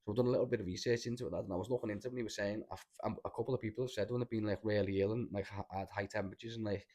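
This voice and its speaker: Fast-talking Scouse lad, sweary rambler. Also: male voice, fairly low pitch, fairly even intonation, warm tone. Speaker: podcast host. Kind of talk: casual storytelling chat.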